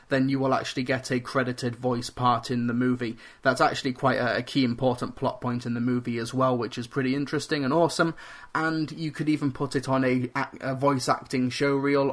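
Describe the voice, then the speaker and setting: A man talks alone into a home computer microphone, hosting his own podcast. He keeps his voice level and flat, staying on one even note. He is earnest and stops to correct himself as he tries to cut out filler words. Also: mid-range voice. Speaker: podcast host. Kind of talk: solo podcast talk.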